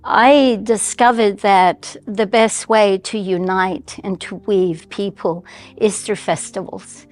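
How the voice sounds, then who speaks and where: A woman in her sixties with a Colombian Spanish accent and a slight American twang speaks in a reflective, heartfelt way, pausing and restarting as she gathers her thoughts. Her voice sits at an ordinary middle pitch, with soft music faint in the background. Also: steady tone. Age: 60s. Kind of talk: personal storytelling.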